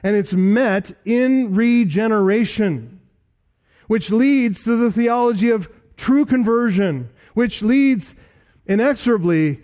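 A male pastor preaching an expository sermon, emphatic, building through repeated lists and slowing down on key words. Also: high voice, darkish tone.

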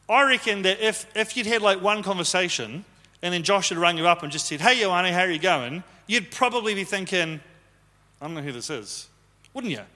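Possibly a man, this pastor has a high-sitting, sharp voice and preaches a conversational sermon in a church hall, teasing the congregation. The live recording carries long hall reverb.

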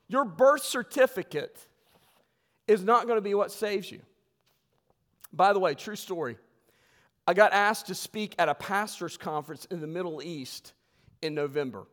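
A man preaches from the pulpit, his voice sitting high for a man. He tells stories with big loud outbursts, then drops to near-hushed lines. His words ring out with the long reverb of a church sanctuary. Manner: storytelling, swings from loud outbursts to hushed tones. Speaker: pastor. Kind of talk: sermon.

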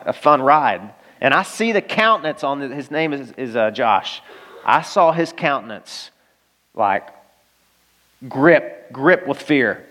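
A man from Arkansas preaching a sermon, telling a personal story in a lively, conversational way and speaking straight to his listeners. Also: a little high. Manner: animated storytelling, conversational, addresses listeners directly. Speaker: pastor.

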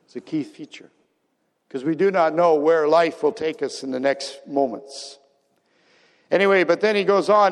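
A man preaching a sermon with great passion, swinging between excited bursts and hushed, low passages. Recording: long reverb of a large hall.

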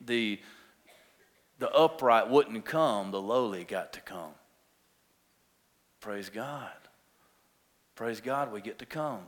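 A man's voice: on the low side, fairly bright tone. A young adult man preaching a sermon as pastor, impassioned and drawing the congregation in. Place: church. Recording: long reverb of a church hall.

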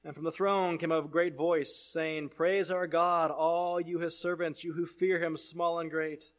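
A man preaching a sermon, reading scripture aloud and swinging between loud proclamation and hushed asides. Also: a little high, level tone, measured pace.

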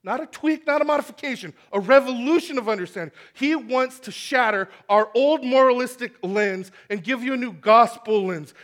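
A man preaching a sermon to a congregation, animated and acting out the voices in his stories. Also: sits high. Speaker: pastor. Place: church hall with congregation.

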